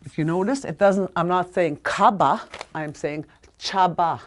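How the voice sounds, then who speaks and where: A woman's voice: on the low side, fairly even intonation, normal speed, darkish tone. A woman teaching a language lesson, patiently sounding out words and repeating them, with small apologies for slips.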